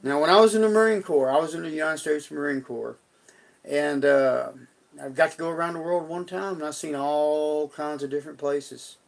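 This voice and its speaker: A man's voice: a little high, moderate pace, gravelly. A middle-aged man on a live stream, telling a personal story in a folksy, rambling way with frequent restarts.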